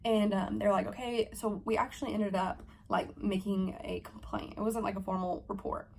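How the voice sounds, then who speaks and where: A young woman in her twenties telling a story to camera in a fast, profane, animated vlog style, acting out her own heated lines. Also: medium pitch, creaky. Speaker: vlogger. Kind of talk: storytime vlog, casual chat.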